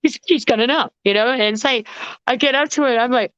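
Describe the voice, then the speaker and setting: A woman guest vocalist telling stories in a casual interview, animated and acting out the people in them. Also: sits high, brisk, dry recording, dull audio. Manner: animated, acts out voices in anecdotes.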